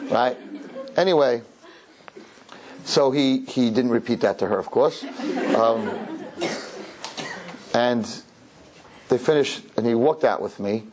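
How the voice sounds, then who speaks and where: A rabbi telling a lively personal story to an audience, acting out the dialogue as he goes. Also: medium pitch, takes it slowly, pauses often, noisy background. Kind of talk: storytelling talk.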